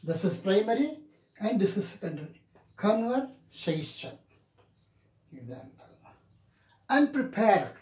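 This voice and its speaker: A man teaching an English pronunciation lesson in a deliberate way, repeating each example word several times. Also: high voice, big pitch swings, dark tone. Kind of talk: classroom lecture on pronunciation. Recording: echoey room.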